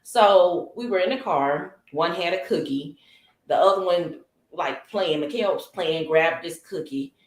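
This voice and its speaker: A woman guest, a mother of twin boys, chatting casually and telling playful, expressive stories. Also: lowish voice, unhurried. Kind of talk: casual chat. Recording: roomy echo.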